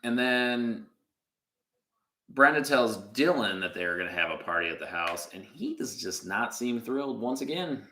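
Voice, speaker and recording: A man casually recapping a TV episode for a podcast, rambling through his notes. His voice is bright and his pitch swings widely. The room sounds echoey. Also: big pitch swings, normal speed, a little hiss or hum. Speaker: podcast co-host.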